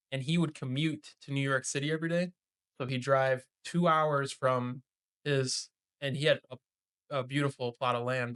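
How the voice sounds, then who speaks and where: A man's voice: medium pitch, a bit bright, clean tone. A young man co-hosting a podcast, chatty and swearing casually while telling anecdotes. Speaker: podcast co-host. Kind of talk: casual chat.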